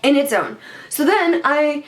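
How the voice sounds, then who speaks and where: A young woman vlogger telling a casual storytime, animated and swearing, full of "like". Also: high voice, a little slow. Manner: animated, swearing, lots of filler "like". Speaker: beauty vlogger.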